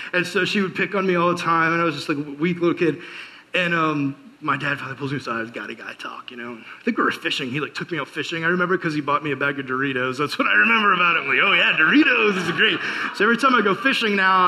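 Male youth pastor, bright higher voice, loose joking sermon, lots of fillers. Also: poor audio. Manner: chatty storytelling with many fillers, joking asides.

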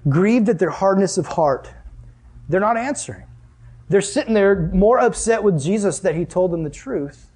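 A man's voice: a little high, slightly rough. A man preaching a sermon in a casual, conversational way, acting out the voices of the people in his story and asking the audience questions. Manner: animated, acts out voices of Jesus and Pharisees.

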